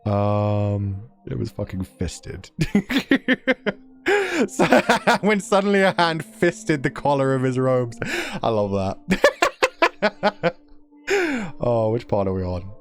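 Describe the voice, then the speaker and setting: A man reading a novel aloud on stream and reacting to it in a giggly, profane, excitable way. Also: medium pitch, slow pace, long pauses, clean tone. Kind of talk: casual stream commentary and read-aloud. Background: faint music.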